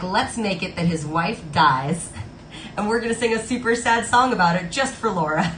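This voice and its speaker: A woman's voice: on the low side, fairly bright tone, a little hiss or hum. A woman in her thirties chatting casually with viewers on a live stream and reading out their comments. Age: 30s. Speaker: streamer playing Disney songs on request. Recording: echoey room with music playing.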